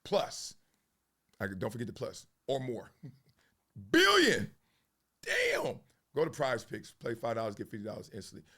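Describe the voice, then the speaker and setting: A man's voice: on the low side, fairly quick. A man hosting a sports commentary show, talking loosely with slang and frequent laughs. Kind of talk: casual monologue turning into a rap.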